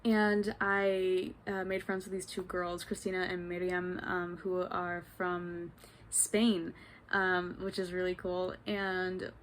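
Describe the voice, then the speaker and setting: A young woman from New York chatting on her vlog, excitable and gushing, with lots of ums and giggles. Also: fairly low pitch, slow, a little hiss or hum, rough recording. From New York state. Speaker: vlogger. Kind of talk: casual vlog chat.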